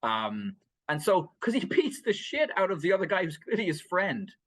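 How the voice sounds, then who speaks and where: A man co-hosts a casual film podcast, rambling through plot summaries with lots of fillers, restarts and laughs. His high voice is sing-song and fairly bright, at normal speed.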